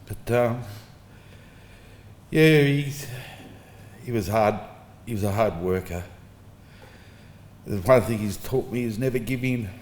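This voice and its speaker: A man's voice: lowish voice, slow, long pauses, darkish tone. Australian man, laid-back eulogy in echoey hall. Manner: casual storytelling, chuckling between anecdotes. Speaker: son giving a eulogy. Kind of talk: informal funeral eulogy. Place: funeral service hall. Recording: echoey hall with faint ambience.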